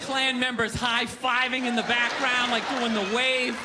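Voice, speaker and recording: A man doing a stand-up routine on a comedy stage, ranting and incredulous, bursting into shouts. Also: extremely high pitch, little pitch movement, measured pace, over a noisy crowd, very noisy. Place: comedy stage before a live audience.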